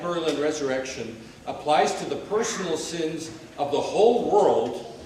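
Emphatic preacher in a very echoey hall. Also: male voice. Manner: emphatic, swings between loud rhetorical questions and low quiet asides. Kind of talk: sermon. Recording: very echoey hall, mic at a distance, faint hiss.

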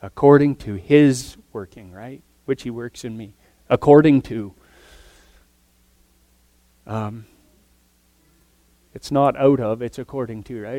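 A man preaching a sermon earnestly, his voice swinging from loud emphatic lines to soft, near-whispered ones. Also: mid-range voice, slow pace, pauses often, dry recording.

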